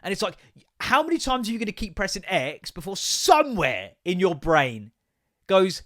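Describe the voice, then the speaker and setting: A man's voice: high-pitched, wildly swooping pitch, moderate pace, a bit bright. A man, a podcast host telling an exasperated, sweary story about his kids. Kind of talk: casual ranting monologue.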